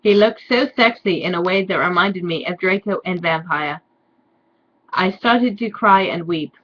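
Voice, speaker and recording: A woman giving a sarcastic dramatic reading with deadpan, mocking asides. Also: fairly low pitch, a little slow, lo-fi sound. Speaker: reader and commentator.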